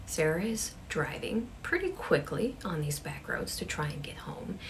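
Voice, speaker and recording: A woman's voice: low voice, big pitch swings, moderate pace, creaky. A woman casually telling a ghost story, dropping to a whisper for suspense and using chatty fillers.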